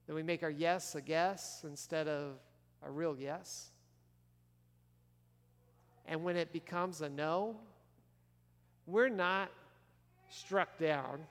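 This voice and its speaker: A man preaching in a fairly high voice, his words ringing through a large church hall with a long tail of reverb. He keeps things conversational and throws questions to the congregation. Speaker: pastor. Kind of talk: sermon.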